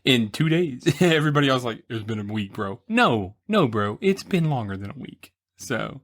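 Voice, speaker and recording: Lively, goofy man hosting a podcast. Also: moderate pace. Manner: goofy, laughs a lot, breaks into silly high voices. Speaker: podcast host. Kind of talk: casual chat.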